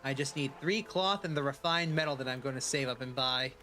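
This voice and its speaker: Chatty bright-voiced male game streamer. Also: medium pitch, brisk, faint music behind. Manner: chatty, rambling, playful pirate asides. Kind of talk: casual live-stream gameplay commentary.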